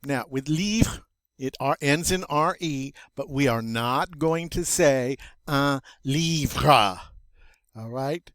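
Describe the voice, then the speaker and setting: A man's voice: medium pitch, slow, no echo. A man teaching a recorded vocabulary lesson in a chatty, self-amused way, spelling out pronunciation for students. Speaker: French teacher.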